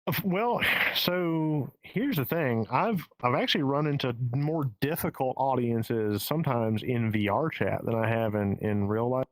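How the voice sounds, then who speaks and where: A man's voice: mid-range voice, measured pace, no room sound, poor audio. Candid Southern man with a dry sound. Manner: candid and profane, with frequent restarts. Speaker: stand-up comedian guest. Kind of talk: casual podcast interview. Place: home in the Pacific Northwest.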